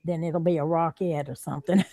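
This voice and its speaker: A woman with a Southern accent chats loosely on a home livestream, drawling and laughing between remarks. Her voice sits low and sounds mellow and warm. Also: steady tone, brisk, no echo. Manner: chatty, drawling, laughs often. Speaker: livestream host. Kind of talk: casual livestream chat.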